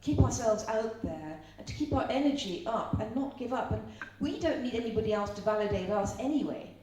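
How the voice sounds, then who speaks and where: A woman's voice: a little high, animated, a little fast, darkish tone. A middle-aged woman from Ireland giving a live seminar talk, chatty and storytelling, asking the audience questions. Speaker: seminar speaker. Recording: roomy echo, speaker far from mic, faint hum.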